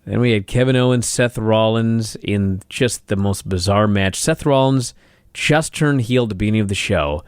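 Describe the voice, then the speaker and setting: A man of middle pitch co-hosts a wrestling podcast, listing off the show's segments one after another with dry, wry remarks. His voice is recorded close and dry. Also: moderate pace, smooth, no echo. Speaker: podcast co-host. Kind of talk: casual wrestling recap chat.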